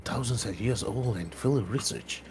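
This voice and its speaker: A man voicing a scholarly man who murmurs quietly while studying an ancient tomb. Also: low voice, expressive, moderate pace, gravelly, faint music behind, pitched below the performer's own voice. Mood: hushed.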